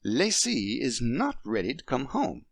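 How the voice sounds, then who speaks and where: A man voicing a poised French wife near fifty, patient and gently reasoning with her husband. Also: medium pitch, wildly swooping pitch, a little slow, vocal fry, no echo, clean studio sound, voice pushed up, full character voice. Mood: firm.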